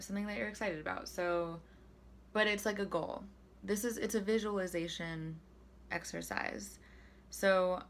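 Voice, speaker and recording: A young woman vlogging in a casual, chatty way, her voice sitting a little low for a woman. She talks loosely and pokes fun at herself, with plenty of fillers. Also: slight background noise. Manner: chatty and self-deprecating, with frequent fillers. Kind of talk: casual self-help talk to camera.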